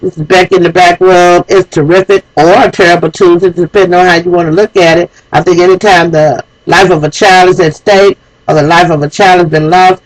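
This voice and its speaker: A woman's voice: fairly low pitch, poor audio. A woman hosting her own show, delivering an emotional, preachy monologue straight to her viewers. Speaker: host. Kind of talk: impassioned spoken monologue.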